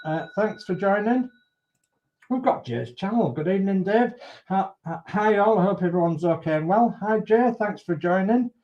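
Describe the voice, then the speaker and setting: A man's voice: high-pitched, lively intonation, moderate pace. A man hosting a casual model-building livestream, chatty and friendly, greeting viewers by name and rambling with many restarts. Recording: dull lo-fi stream audio.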